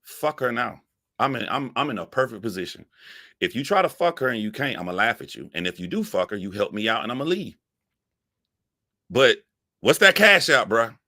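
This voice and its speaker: A man telling a profane comic story, animated and laughing, jumping up in pitch for emphasis. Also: normal speed, no echo, clean studio sound. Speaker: comedic storyteller.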